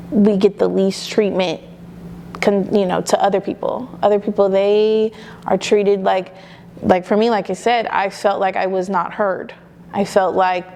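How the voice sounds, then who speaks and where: A woman's voice: mid-range voice, a little mellow, slight background noise. A young adult woman, a mother, talking candidly in a casual interview, with many fillers. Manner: chatty and candid, many "you know" and "like" fillers.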